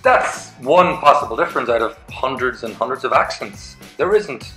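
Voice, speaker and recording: A man's voice: medium pitch, expressive, moderate pace, pushed and bright, soft background music. Easygoing Irish man, roomy sound. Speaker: English teacher. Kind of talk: casual chat. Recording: echoey room.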